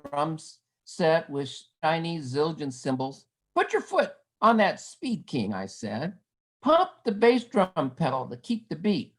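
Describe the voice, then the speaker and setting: A woman with a lowish voice reads her poem over a video call at an unhurried pace. Her pitch swings widely as she slips into quoted voices. The delivery is wry and lively. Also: poor audio. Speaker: poet reading at an online event. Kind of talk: poetry reading.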